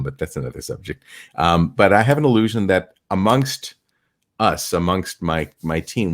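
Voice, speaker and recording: Man, middle-aged, low voice, lively anecdotes, acts out the quotes, podcast guest. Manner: animated anecdotes with acted-out quotes. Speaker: stage illusionist guest. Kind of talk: storytelling in a podcast interview.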